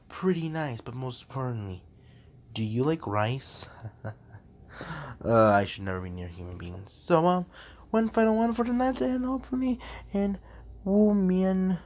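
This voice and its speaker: A man rambling in a goofy, jokey way from his room while practicing on a language app. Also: mid-range voice. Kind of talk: casual rambling commentary.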